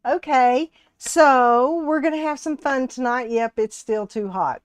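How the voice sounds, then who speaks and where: Southern US woman, live-stream craft host, chatty and laughing, slow delivery, dry close sound. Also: high voice, no echo. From Texas and Alabama, US. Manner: chatty, greets viewers by name, laughs often. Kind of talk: casual live-stream chat while crafting.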